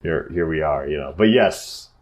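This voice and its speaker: A man's voice: rumbling low, normal speed. A man co-hosting a podcast in casual chat, sounding congested and telling rambling, profane stories. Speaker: podcast co-host.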